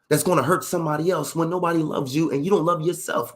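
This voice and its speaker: A man's voice: on the high side, fast. A middle-aged man in a candid storytelling talk, emphatic and profane, full of street slang and asking "you see what I'm saying".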